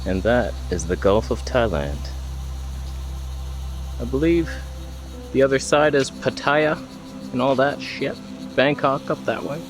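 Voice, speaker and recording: A man's voice: mid-range voice, expressive, unhurried, long pauses, faint music behind. A man casually vlogging outdoors on a hillside, joking to himself and to the animals around him. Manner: jokey, talks to himself and the animals. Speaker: travel vlogger. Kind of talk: casual vlog narration.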